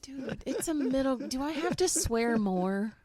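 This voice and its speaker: A woman's voice: high-pitched, animated, a little slow, crowd noise. A woman teacher chatting casually about a book she read, laughing often and swearing now and then. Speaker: teacher and guest book reviewer. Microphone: home microphone.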